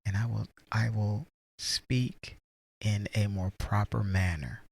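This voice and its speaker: A man's voice: lowish voice, steady tone, slow pace, vocal fry, husky, no room sound. A young man co-hosting a casual chat, playfully defending himself to his partner. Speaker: co-host.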